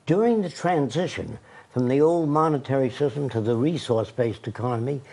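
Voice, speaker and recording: A man's voice: medium pitch, lively intonation, fairly quick, darkish tone. An older man as an interview guest, telling long emphatic stories and arguing his point. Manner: emphatic, rambling storyteller; puts on a foreign accent when quoting. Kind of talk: studio interview.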